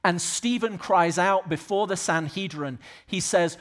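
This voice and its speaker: A man from the American South preaching a sermon as pastor of a church, swinging between loud exhortation and quiet, earnest asides. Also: sits high, unhurried, few pauses. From Southern United States.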